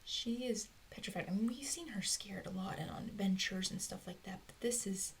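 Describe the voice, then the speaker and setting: Here a woman with a medium-pitched, fry-tinged voice talks to herself at normal speed, puzzling out a fan theory in a rambling way and frequently slipping into whispers. She's recorded solo on a close mic, with a faint hiss or hum.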